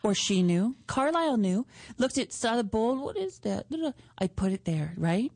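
A woman radio host with a somewhat high voice tells a story in loose, animated chat. Now and then she slips into squeaky put-on voices. The sound is close and dry, with no room around it. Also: normal speed, gravelly, dry recording.

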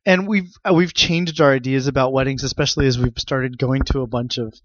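A man's voice: medium pitch, steady tone, fairly quick, a bit bright, no echo, dull audio. A man co-hosting a podcast in casual chat, laughing easily and reading out fan questions. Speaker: podcast co-host.

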